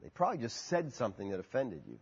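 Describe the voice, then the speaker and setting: A pastor preaches an animated sermon, his pitch rising and dropping sharply as he poses questions to the congregation. He talks fast, with vocal fry and a breathy edge, in a muffled hall recording with long reverb.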